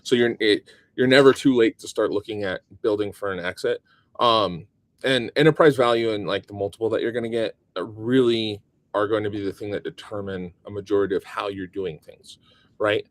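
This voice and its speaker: Relaxed man talking things through. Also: lowish voice, fairly quick, no echo. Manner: relaxed, thinks aloud with many ums. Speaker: guest. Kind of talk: casual interview chat.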